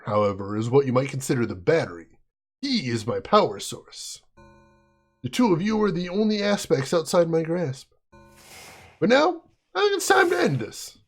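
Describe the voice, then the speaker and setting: A man's voice: fairly high pitch, big pitch swings, normal speed, pauses often, husky, faint music behind, full character voice. A man voicing a haughty, condescending male villain who rules a cursed mansion, speaking in a pompous, theatrical way. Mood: menacing.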